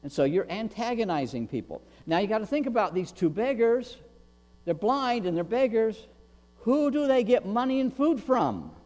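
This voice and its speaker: A high-voiced man preaching with big swings in pitch, throwing himself into the voices of a shouting crowd and pleading beggars. His sermon rings out with a long reverb, and a mains hum sits underneath. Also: very animated, normal speed. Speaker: pastor. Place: church sanctuary.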